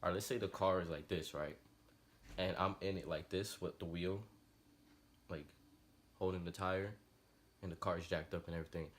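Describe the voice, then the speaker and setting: A man's voice: low voice, moderate pace, pauses often. A young man telling a personal story in casual, slangy, rambling talk. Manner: slangy, rambling, animated retelling. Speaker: vlogger.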